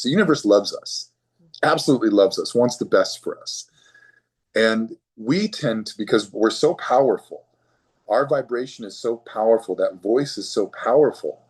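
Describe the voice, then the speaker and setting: A man's voice: on the low side, slightly rough. A man speaking as a physician guest in an interview, earnest and often repeating words as he starts a thought. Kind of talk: conversational interview.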